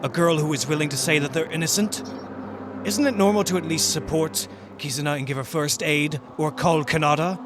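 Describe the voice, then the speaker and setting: A man voicing a cold, calculating young male student in a fan dub, speaking in a measured, lecturing way. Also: on the high side, steady tone, background noise, lightly acted.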